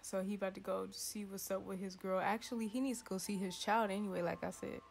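A woman's voice: steady tone, quick pace, vocal fry, a little hiss or hum. Chatty woman narrating a sim game. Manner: chatty, playful, voices the sims' thoughts in a squeaky tone. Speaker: gaming YouTuber. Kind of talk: casual let's-play commentary.

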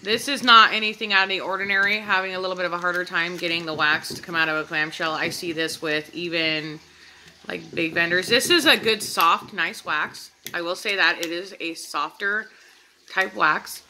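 A woman's voice: lowish voice, fairly even intonation, normal speed, pushed and bright, a little hiss or hum, low-quality recording. A woman chatting casually to her viewers as she reviews candles, enthusiastic and talkative. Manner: chatty, enthusiastic, addresses viewers as "you guys". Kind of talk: casual product review vlog.

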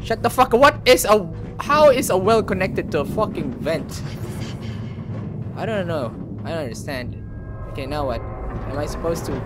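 A man's voice: on the high side, expressive, normal speed, over loud music. A young man commentating a horror game let's play, swearing freely and screaming at jump scares. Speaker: gaming channel host.

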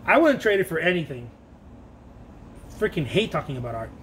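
A man's voice: a little high, big pitch swings, fairly quick, a bit bright, slight background noise. A man talking casually while he paints, rambling, joking about himself and laughing often. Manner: self-mocking and playful. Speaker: painter hosting his own art channel.

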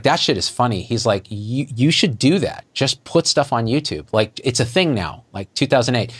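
A middle-aged man, a physician guest, telling a story in conversation and acting out the dialogue with lively jumps in his voice. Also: slightly rough. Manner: animated, acts out quoted dialogue with jumps in pitch.

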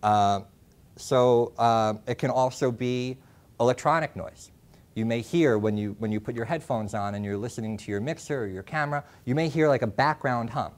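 A young man presenting a classroom workshop, talking in a halting way with many ums and restarts. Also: medium pitch. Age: young adult. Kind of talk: classroom lecture. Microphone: lapel mic.

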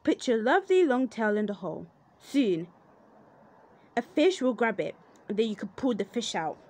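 A woman's voice: a little high, big pitch swings, moderate pace, dark tone. A woman voicing a crafty, jealous male fox in a children's storybook reading, with a sly, coaxing manner.

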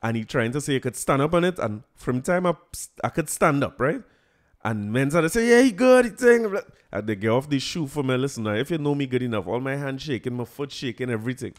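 A man with a Trinidadian accent hosting a podcast, telling a story in a lively, laughing, colloquial way. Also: mid-range voice, fast talker. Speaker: podcast host. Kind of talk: casual storytelling chat.

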